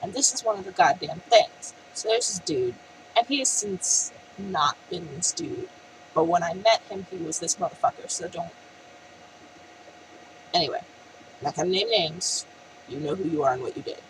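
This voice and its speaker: A young adult woman telling a story in a casual, profane and animated vlog rant. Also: on the low side, normal speed, background noise. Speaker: vlogger.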